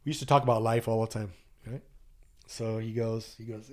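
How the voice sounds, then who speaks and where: A man in his sixties telling a personal story as a podcast guest in a loose, chatty way, acting out the voices of people in it. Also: moderate pace. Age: 60s. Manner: animated, acts out quoted dialogue with pitch jumps; loose and conversational, many fillers and asides. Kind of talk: casual storytelling.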